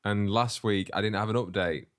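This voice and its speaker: A man's voice: steady tone, normal speed, a bit bright, clean tone. A man co-hosting a podcast, chatting casually, swearing freely and acting out the people he quotes. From England. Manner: swears freely, acts out quotes with big pitch jumps. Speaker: podcast co-host. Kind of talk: casual chat.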